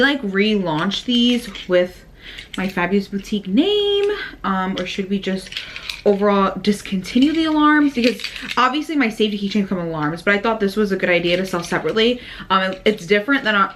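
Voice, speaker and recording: A young woman chatting casually to camera about her small business, animated and full of fillers. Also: mid-range voice, a little hiss or hum. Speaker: vlogger and small business owner.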